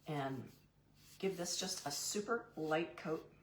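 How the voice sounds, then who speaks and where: Woman craft-stream host, deep voice, folksy "y'all" chatter, echoey room. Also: takes it slowly, a little hiss or hum. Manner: chatty and goofy, answers live chat by name; says "y'all" to viewers. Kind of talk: live painting demo, chatting with viewers.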